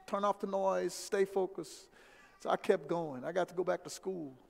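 A middle-aged man telling a personal story in an animated, emphatic way, repeating key phrases. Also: high-pitched, normal speed, vocal fry. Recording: echoey hall with long reverb.

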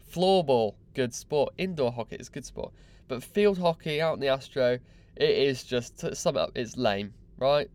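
A man's voice: mid-range voice, a little mellow, smooth, dry recording. A young man hosting a podcast, mocking and exasperated in a sweary comic rant. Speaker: podcast host.

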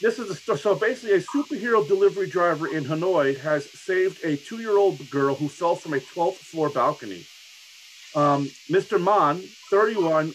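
A man's voice: on the high side, animated, normal speed, slight background noise. A middle-aged man from the United States chatting casually as a co-host, rambling with many restarts and fillers. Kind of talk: casual chat.

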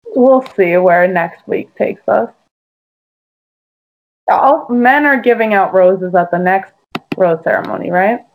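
A woman's voice: medium pitch, slow pace, long pauses, rough recording. A woman co-hosting a casual podcast, chatty and full of "like" and "um". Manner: chatty, lots of "like" and "um". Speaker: podcast co-host. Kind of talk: casual chat.

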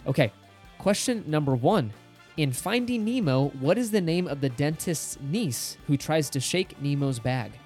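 A man's voice: fairly high pitch, lively intonation, measured pace, darkish tone, faint music behind. A man co-hosting a casual podcast, explaining figures in an upbeat way and teasing as quizmaster. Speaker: podcast co-host.

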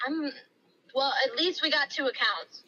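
A young woman chatting casually with a friend, blunt and quick to swear. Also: high-pitched, bright, forceful tone, in a large hall, dull audio. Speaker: friend on a call. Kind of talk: casual chat.

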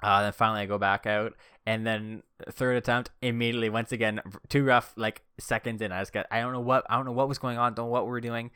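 Bright, clear-voiced young man rambling. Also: mid-range voice, fairly even intonation, fast talker, hardly any pauses, no room sound, clean studio sound. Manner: rambling, heavy use of "like" and "uh". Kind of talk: casual anecdote-telling.

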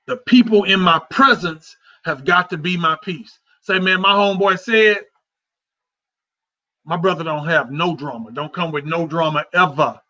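A man with a high, bright voice hosts a casual talk show at normal speed. His way of speaking is heartfelt, repetitive, and conversational, and the recording sounds dull and lo-fi.

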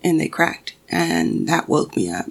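Gravelly woman telling a spooky story. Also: low-pitched, sing-song, a little slow. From Mexican family. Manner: casual, heavy swearing, frequent restarts. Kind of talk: casual personal storytelling.

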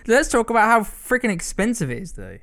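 Young guy, smooth resonant voice, slightly raised pitch, rambling casual chat. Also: huge pitch swings, a little fast, sharp tone. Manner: rambling, self-interrupting, teasing.

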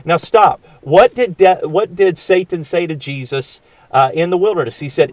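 A man's voice: a little high, normal speed, darkish tone, dry recording, lo-fi sound. A man preaching a sermon, earnest and emphatic, with frequent fillers and rhetorical questions.

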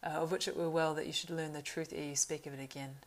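A woman voicing a grave, weary male ranger leader in an audiobook reading, solemn and measured. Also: low voice, flat delivery, natural voice.

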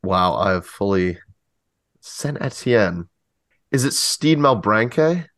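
Low-voiced man guessing quiz answers. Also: expressive, slow pace, fairly bright tone, no room sound. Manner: thinks aloud and works through his guesses. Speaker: quiz contestant. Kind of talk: casual chat.

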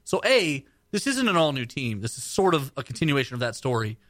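A man's voice: mid-range voice, big pitch swings, a bit bright, no echo, clean studio sound. A man co-hosting a casual community radio talk show, joking and opinionated about comics. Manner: joking, opinionated, quick banter. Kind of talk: casual comic book chat.

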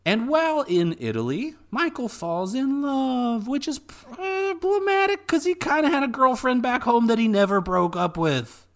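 A young man co-hosting a podcast, summarizing a film in a steady, orderly way with dry asides. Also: high voice. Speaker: podcast co-host. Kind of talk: casual film recap chat.

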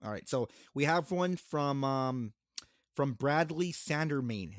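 Excitable young man hosting a podcast. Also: medium pitch, slow, dry recording, studio quality. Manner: excitable, repeats words, laughs a lot. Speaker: podcast host. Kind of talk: casual podcast chat.

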